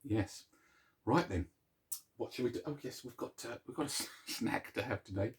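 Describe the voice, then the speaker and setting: Soft-spoken chuckling man. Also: medium pitch, moderate pace, breathy edge. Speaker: host of a daily song video series. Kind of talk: casual chat to camera.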